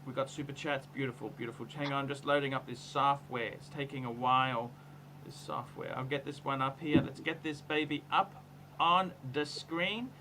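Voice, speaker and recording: A man's voice: mid-range voice, moderate pace, pushed and bright, poor audio. A man hosting a casual livestream, effusive and chatty, reading out viewer messages. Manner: effusive, reads out super chats. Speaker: livestream host.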